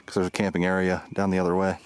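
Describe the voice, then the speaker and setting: A man's voice: low voice, monotone, rapid-fire, clear, resonant tone, no echo. A man casually narrating a walking vlog outdoors, rambling loosely with plenty of fillers. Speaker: vlogger. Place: outdoors on a forest trail and road. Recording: outdoor noise behind the voice.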